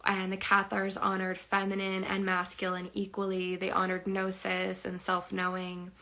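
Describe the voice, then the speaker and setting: A woman's voice: medium pitch, completely flat delivery, moderate pace, pushed and bright. A young woman sharing a personal story in a chatty, emotional way, full of fillers. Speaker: spiritual teacher.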